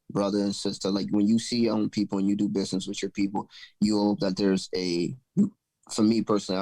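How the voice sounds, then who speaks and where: A man hosting a podcast, telling a story in a loose, animated, profane way. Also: lowish voice, no room sound, low-quality recording. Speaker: podcast host. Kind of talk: casual storytelling chat.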